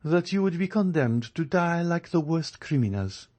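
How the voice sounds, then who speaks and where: A man voices a proud, cold young woman who speaks with scorn, pitching above his own voice. The pitch is fairly high with big swings, a little mellow, at a moderate pace.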